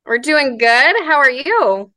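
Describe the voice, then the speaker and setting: A woman's voice: high-pitched, lively intonation, slow pace, sharp tone, no room sound, poor audio. Woman from Southern California, theater director, eager rambling talk, dry close sound. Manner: enthusiastic, rambling explanations. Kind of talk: casual interview.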